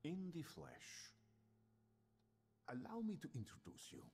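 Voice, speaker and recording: An actor playing a grand, commanding male hypnotist in a video game, speaking in a measured, theatrical way. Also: on the high side, huge pitch swings, mellow, slightly rough, full character voice. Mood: courtly. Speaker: game character.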